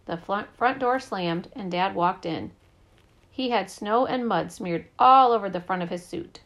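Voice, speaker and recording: A woman narrating a children's story in the first person, lively and brisk. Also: mid-range voice, vocal fry. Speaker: audiobook narrator.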